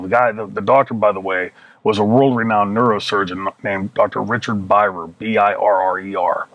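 A man in his fifties with a fairly low voice tells his story with swearing and plays out each person in it. The close, dry mic catches every word. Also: normal speed, no echo, rough recording. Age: 50s. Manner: profane, animated storytelling that acts out the people in his stories. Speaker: interview guest. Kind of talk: shoot interview storytelling.

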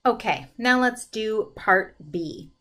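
A woman's voice: fairly high pitch, animated, slow pace, sharp tone. A woman teacher talking through a currency conversion problem step by step in a recorded math lesson. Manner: methodical, talks through each step aloud.

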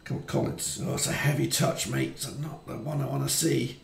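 A man commentating on his football management game, chatty and quick to swear when frustrated. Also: medium pitch, fairly even intonation, vocal fry, echoey room, a little hiss or hum. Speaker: gaming YouTuber. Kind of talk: let's-play commentary.

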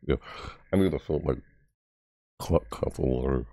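A man hosting a casual reaction video, rambling excitedly about a game trailer. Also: normal speed, dry recording, studio quality. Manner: excitable, rambling, mimics game voices in high yelps.

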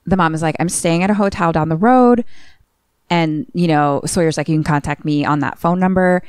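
A woman's voice: low voice, brisk, a little mellow, smooth, dry recording, studio quality. A woman co-hosting a podcast, casually retelling a film scene by scene and acting out the characters' lines. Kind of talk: casual chat.

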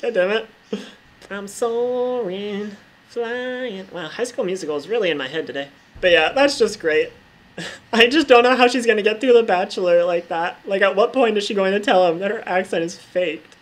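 A woman vlogger talks over her gameplay in a loose, chatty way. She leans on "like" as filler and swears freely. Her voice sits at a middle pitch for a woman. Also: brisk. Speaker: gaming vlogger. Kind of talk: casual commentary over gameplay.

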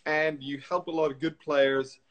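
A man's voice: on the high side, flat delivery, normal speed, a bit bright. A man hosting a live online interview with a golf pro, reacting briefly and asking questions to draw out his guest. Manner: encouraging interviewer, short laughing reactions. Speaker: host and golf coach. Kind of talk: interview host. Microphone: video call.

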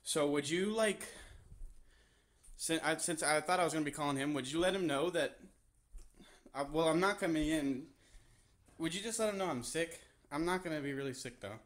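A man's voice: a little high, normal speed, pauses often, fairly bright tone. Rambling breathless young man on the phone. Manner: rambling, breathless, swearing, laughing between asides. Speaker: prank caller and video host. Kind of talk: casual phone prank chat. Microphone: phone on speaker held while walking.

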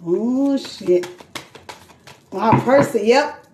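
Very slow and darkish in tone despite her high pitch, this tarot card reader talks over slight background noise as her voice echoes through the room. She keeps the live reading casual and chatty, swearing freely and calling her listener queen and sis.

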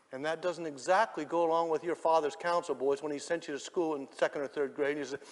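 A man preaching a sermon, telling the story dramatically and swinging from hushed lines to shouts. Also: on the high side, steady tone, fast talker, few pauses, in a large hall.

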